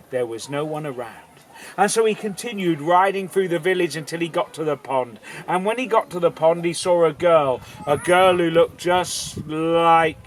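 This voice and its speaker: A man's voice: fairly high pitch, a little hiss or hum, rough recording. A man telling a folk tale live to an audience, playful, theatrical and full of asides. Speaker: storyteller. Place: outdoor festival audience.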